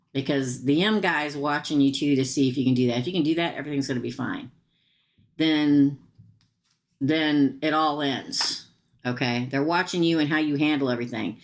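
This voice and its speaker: A middle-aged woman giving a live tarot reading, chatty and emphatic, repeating her advice. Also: sits low. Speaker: tarot reader.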